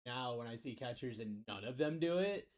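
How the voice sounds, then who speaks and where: A man's voice: medium pitch, expressive, fairly quick. A man hosting a live card break stream, calling out picks and chatting casually. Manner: calls out picks, hypes spots.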